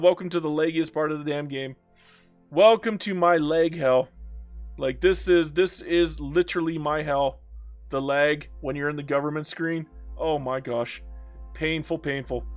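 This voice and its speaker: A young man with a slightly high voice, tired from hours of streaming a strategy game. He mutters at the game, groans, and cracks jokes as he plays. Soft music plays faintly underneath. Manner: talks to himself and the game, groaning and joking. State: worn out after many hours of play. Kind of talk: live-streamed strategy gameplay commentary.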